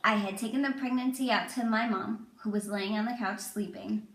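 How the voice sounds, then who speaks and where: A woman's voice: mid-range voice, steady tone, fairly quick, a bit bright, a little hiss or hum. A young woman telling a personal story to camera in a casual, rambling way, full of "like.". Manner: chatty, rambling, lots of "like". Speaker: vlogger. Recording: echoey room.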